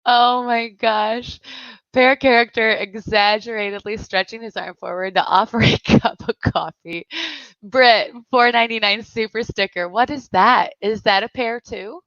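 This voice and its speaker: A woman with a fairly high voice hosts a casual livestream, speaking slowly and breaking into giggles over and over. The sound is dry and a little dull, like a home setup with a modest mic. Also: fairly even intonation, a bit bright, no echo. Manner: giggly, laughs often while reading chat; slow, unhurried speech. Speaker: livestream host.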